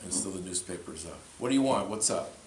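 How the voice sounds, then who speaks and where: A man's voice: deep voice, expressive, fast talker, darkish tone, slight background noise. A man who is a pastor, giving a sermon and telling a story in the manner of a storyteller. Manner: storytelling, retelling a conversation in quotes. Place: church. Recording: echoey church with faint ambience.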